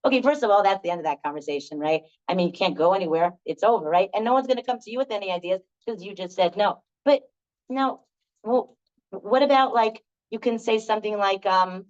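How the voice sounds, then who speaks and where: A woman's voice: medium pitch, animated, brisk. Upbeat woman leading an improv workshop. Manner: upbeat, chatty, encouraging. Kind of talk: lively talk to a group. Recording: dull lo-fi recording.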